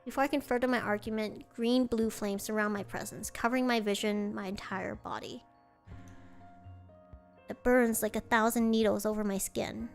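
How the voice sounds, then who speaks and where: A woman's voice: medium pitch, fairly even intonation, moderate pace, creaky, faint music behind. A woman streamer reading a visual novel aloud, breaking off to react with dismay.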